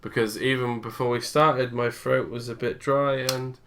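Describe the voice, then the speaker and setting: A man's voice: mid-range voice, steady tone, normal speed, a bit bright. A man co-hosting a podcast in a rambling, casual chat, tired with a dry, sore throat. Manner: chatty, rambling, self-interrupting. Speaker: podcast co-host.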